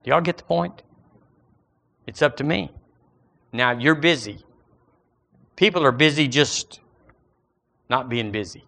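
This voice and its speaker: Bright-voiced folksy male preacher. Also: medium pitch, a little slow, gravelly, long pauses. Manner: folksy, animated, full of everyday analogies. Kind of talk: sermon.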